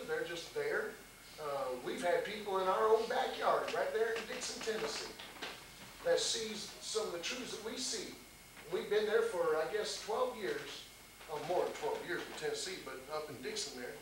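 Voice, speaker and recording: A man preaching at a church service, telling a story in a folksy way and chuckling often. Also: high voice. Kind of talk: storytelling sermon. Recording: echoey hall recording from a distance with noise.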